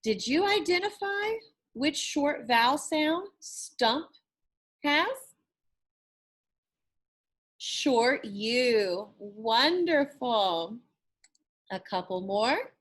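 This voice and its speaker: Slow, encouraging woman teacher. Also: high voice, expressive, a bit bright. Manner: slow, encouraging, drawn-out praise; stretches and repeats words to model sounds. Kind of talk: recorded classroom lesson.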